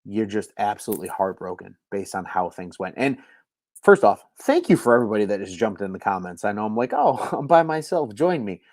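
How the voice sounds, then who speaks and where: A man hosting a solo postgame baseball livestream from home late at night, talking in an animated, frustrated way with many restarts and "like"s. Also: on the low side, dry recording, clean studio sound. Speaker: sports podcast host. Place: home at night, keeping quiet.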